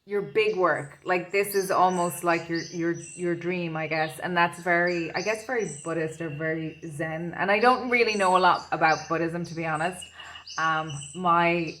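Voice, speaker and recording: A woman's voice: lowish voice, moderate pace, fairly bright tone. A woman doing an intuitive tarot reading, rambling and searching for her words as she talks. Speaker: tarot reader.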